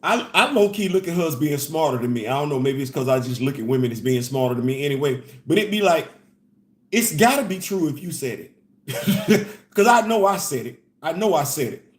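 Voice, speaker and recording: An animated man hosts a casual commentary, speaking fairly quickly in a voice a little high for a man. He keeps returning to the same phrases and bursts into laughter, and the recording echoes in a roomy space.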